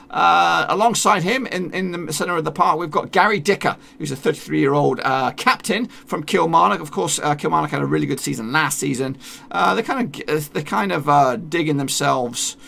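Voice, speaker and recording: Chatty man with a gravelly, bright voice. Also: a little high, slight background noise. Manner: chatty, rambling with many fillers and restarts. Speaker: football video creator. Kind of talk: casual football commentary over a team lineup.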